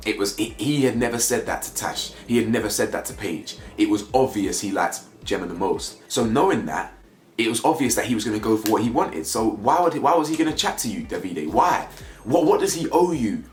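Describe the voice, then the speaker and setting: Animated young man. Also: on the low side, fairly quick. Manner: animated, slangy, fires rhetorical questions. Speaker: reality show reviewer. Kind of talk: casual commentary vlog. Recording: echoey room with faint music.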